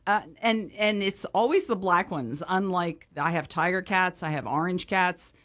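A woman's voice: on the low side, normal speed, a bit bright. A woman chatting casually on a morning radio show, laughing often and speaking enthusiastically at a studio microphone. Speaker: animal shelter representative and radio co-host.

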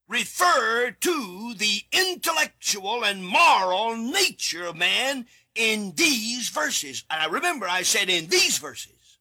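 High, husky, bright-toned male preacher. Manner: emphatic, repeats key words, bursts into shouts. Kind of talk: studio sermon with scripture reading. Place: studio.

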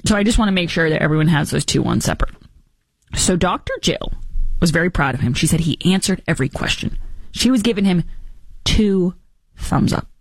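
A woman's voice: fairly low pitch, lively intonation, fairly quick, pauses often, no room sound, clean studio sound. A woman hosting a talk show, delivering sarcastic political commentary in a mocking tone. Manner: mocking, sarcastic, puts on silly voices for impressions. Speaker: radio talk show host.

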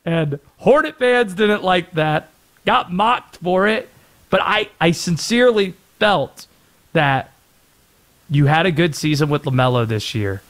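A man hosting a sports talk radio show, animated and joking, sometimes putting on silly voices. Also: high voice.

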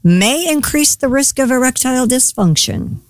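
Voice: high-pitched, expressive, normal speed, dry recording. Radio news reader, matter-of-fact. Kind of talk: reading news items.

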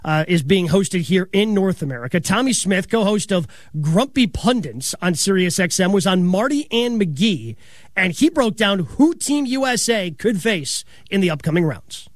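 A man hosting a sports radio show, chatting casually with quick asides and frequent laughter. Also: sits high, big pitch swings, dry recording, clean studio sound.

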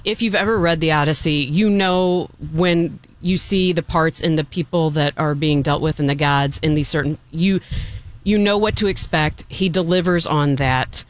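A man's voice: fairly high pitch, a bit bright, dry recording. A man reviewing a film in casual chat, enthusiastic and rambling, often restarting his sentences.

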